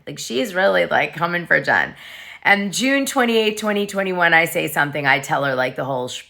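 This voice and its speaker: A woman with a deep yet bright and punchy voice hosts a casual gossip vlog. She chats freely, swears often and reads private messages aloud. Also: animated, moderate pace, gravelly. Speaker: gossip show host.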